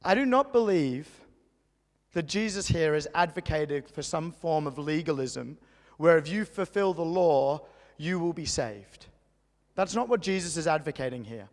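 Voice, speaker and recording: A man preaches to his congregation in an easy, conversational way. His voice sits high and has a gravelly edge. It rings out with the long reverb of a church hall. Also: a little slow. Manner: conversational, animated storytelling preacher. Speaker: pastor. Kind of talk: sermon.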